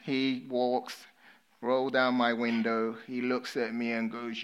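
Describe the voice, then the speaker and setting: Slow-speaking English pastor preaching. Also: male voice, mid-range voice, smooth. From England. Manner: storytelling, swinging between lively and hushed, sober. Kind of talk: sermon.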